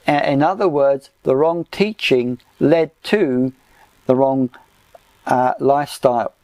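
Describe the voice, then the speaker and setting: A man teaching a Bible study lesson in a measured lecture style, often pausing with "uh" as he explains his chart notes. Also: medium pitch, a little mellow, no room sound, soft background music. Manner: slow, measured, with frequent "uh" pauses.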